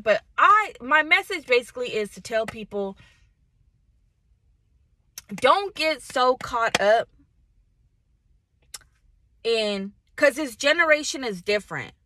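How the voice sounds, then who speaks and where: A woman's voice: fairly high pitch, bright, forceful tone, no room sound. A young woman vlogger talking casually and bluntly to her viewers, swearing a lot and giving motivational advice after a workout. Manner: blunt and profane, heavy slang.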